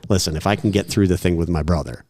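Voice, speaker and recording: A man in a podcast interview, telling animated anecdotes with laughs and quoted voices. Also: low-pitched, quick pace. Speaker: podcast guest. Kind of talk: casual storytelling.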